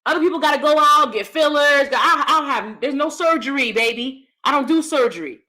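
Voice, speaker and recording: A woman host chats loosely with her viewers. Her voice sits high and bright. She laughs often, swinging from loud declarations down to soft, confiding asides. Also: animated, a little fast. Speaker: channel host. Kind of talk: casual live-stream chat.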